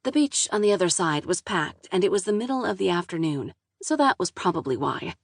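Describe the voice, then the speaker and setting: Low gravelly woman narrating a novel. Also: very animated, brisk. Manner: wry, exasperated inner voice with casual swearing. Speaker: audiobook narrator. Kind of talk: first-person novel narration.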